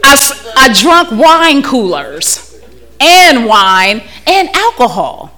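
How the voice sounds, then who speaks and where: Crowd noise surrounds a woman with a high-pitched, sing-song voice who takes her time. Using a handheld mic, she tells a live church audience a frank, funny testimony, laughing often and repeating words as she starts sentences over.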